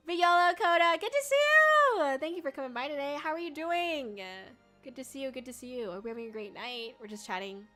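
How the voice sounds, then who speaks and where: This VTuber, a young woman, talks quickly with few pauses in a fairly high voice while soft music plays. She chats casually with her livestream viewers, bubbly and giggly, leaning on lots of filler words.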